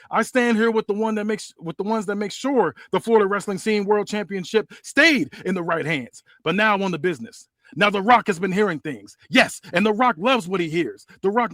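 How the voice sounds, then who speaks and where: A man's voice: high-pitched, fairly bright tone, no echo, clean studio sound, pitched above the performer's own voice. A man voicing an arrogant male wrestler cutting a boastful promo about himself in the third person.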